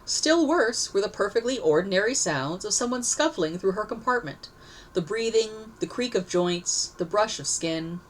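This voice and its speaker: A woman's voice: mid-range voice, expressive, moderate pace, low-quality recording. A woman narrating a story aloud, reading expressively and correcting herself now and then. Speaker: story reader.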